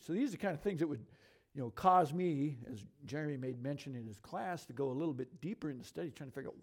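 A middle-aged man teaching from scripture to a congregation in a lively, conversational way, asking the room questions as he goes. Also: on the high side. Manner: lively, conversational, talks fast and asks the audience questions. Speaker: bible teacher.

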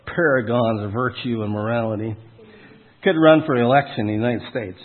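Briskly and at medium pitch, a man delivers a folksy, punchy sermon, asking the audience questions and slamming key words with sudden loud emphasis. The recording has a tinny, phone-like quality.

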